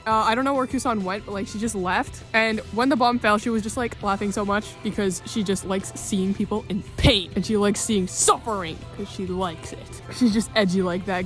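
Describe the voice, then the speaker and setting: A woman casually recapping a story, rambling with many fillers and exclamations. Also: fairly high pitch.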